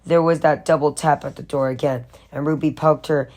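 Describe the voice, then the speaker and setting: Woman, low-pitched, audiobook reader, horror novel, steady narration, occasional restarts. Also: fairly quick. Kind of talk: reading a horror novel aloud.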